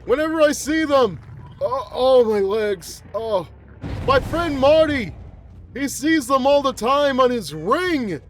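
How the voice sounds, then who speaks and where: Man putting on a creaky-pitched, slow, grumbling old monster who rambles and complains about everything. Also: expressive, a little hiss or hum, exaggerated voice. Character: cranky rambling old man, a mutated flower-headed monster. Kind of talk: gameplay roleplay commentary.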